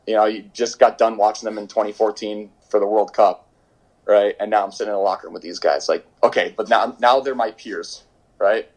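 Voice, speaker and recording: A man's voice: lowish voice, fairly even intonation, brisk, rough recording. A young man, a pro soccer goalkeeper, chatting in an interview, rambling with lots of fillers and restarts. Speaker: professional soccer goalkeeper, guest. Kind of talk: casual interview storytelling. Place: home during quarantine.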